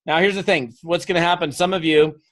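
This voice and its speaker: Energetic male seminar speaker, slightly high. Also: brisk. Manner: energetic, coaxing, storytelling with acted quotes. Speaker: motivational speaker. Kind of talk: live seminar talk to an audience.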